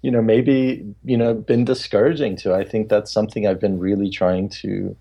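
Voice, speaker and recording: A man's voice: on the low side, fairly even intonation, moderate pace, vocal fry, highs cut off. A man hosting a casual podcast chat, talking candidly and reflectively with many fillers, his voice sometimes sounding harsh. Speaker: podcast host. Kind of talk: casual conversation.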